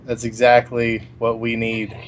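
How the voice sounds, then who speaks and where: A man's voice: medium pitch, completely flat delivery, measured pace. A man guest in a casual gaming chat, upbeat and enthusiastic, over a voice call.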